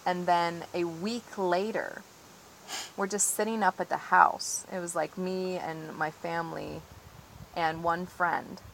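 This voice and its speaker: Speaking slowly in a fairly low, creaky voice with fairly even intonation, a woman recounts events as an interviewee. She is a tree-sit protester outdoors near trees on her property, earnest and agitated, with frequent "like" and "you know." Slight background noise and a rough recording quality are present.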